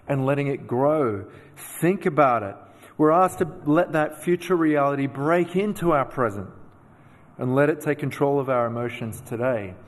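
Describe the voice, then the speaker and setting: A man preaching a sermon, telling personal stories with animated, self-deprecating asides. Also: medium pitch, in a large hall. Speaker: pastor.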